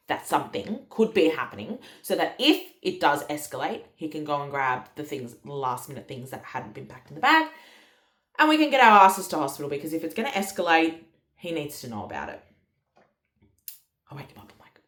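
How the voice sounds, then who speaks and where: A low-voiced woman tells a story in a casual, candid way, swearing freely and acting out her own past lines. Her pitch swings widely as she talks. The recording has a noticeable room echo. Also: big pitch swings, moderate pace, fairly bright tone. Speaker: mother telling her birth story. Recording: echoey room.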